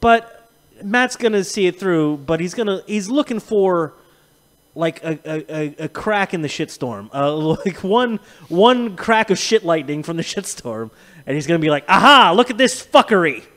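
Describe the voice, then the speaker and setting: A man hosting a podcast, chatting casually and profanely, telling animated stories and laughing often. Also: a little high, unhurried. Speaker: podcast host. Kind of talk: casual chat.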